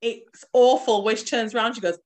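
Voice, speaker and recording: A woman's voice: on the high side, fairly even intonation, fairly quick. A woman co-hosting a casual film podcast, chatty, wry and full of guesses. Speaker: podcast co-host.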